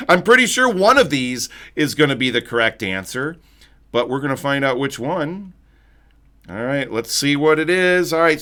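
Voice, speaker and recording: A jokey man hosts a live trivia stream, reading viewer answers aloud and teasing the players. His voice is bright and lively, sitting slightly high and swinging widely in pitch. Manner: playful, jokey, reads chat messages aloud. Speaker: trivia host.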